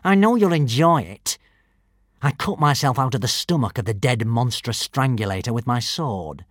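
A man's voice: medium pitch, lively intonation, normal speed, dry recording, studio quality, close to an everyday voice. A man voicing a sneering, hissing villain. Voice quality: sneering, hissing drawl, mangled foreign words. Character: treacherous bald villain, sneering, scheming man. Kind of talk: audiobook character voice.

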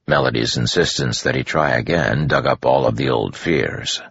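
A man narrating an audiobook in a measured, even storytelling manner. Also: extremely low pitch, creaky, breathy edge. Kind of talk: scripted narration. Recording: dull lo-fi audio.

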